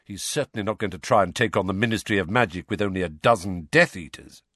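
A man voicing a weary, thoughtful middle-aged wizard who explains things in a calm, measured way. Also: low voice, no room sound, clean studio sound.

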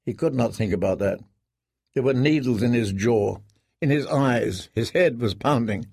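Male audiobook narrator, measured and grave, dry close recording. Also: mid-range voice, vocal fry, darkish tone, husky, dry recording.

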